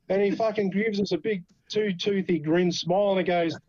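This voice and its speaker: A man with an Australian accent, a podcast guest telling an animated story full of swearing. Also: high-pitched, brisk, hardly any pauses, muffled recording. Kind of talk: casual storytelling.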